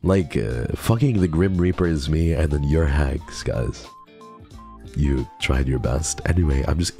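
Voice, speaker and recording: A man with a very deep, gravelly voice reacts to a game on stream in casual, excitable bursts, swearing as he gets flustered. His tone is dark and mellow, and faint guitar music plays behind him. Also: unhurried.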